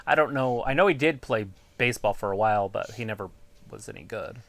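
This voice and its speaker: A man's voice: on the low side, a little fast, gravelly, a bit bright, no echo. A man co-hosting a wrestling watch-along stream, chatting casually and making dry, offhand quips. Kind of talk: casual chat, commenting on the match.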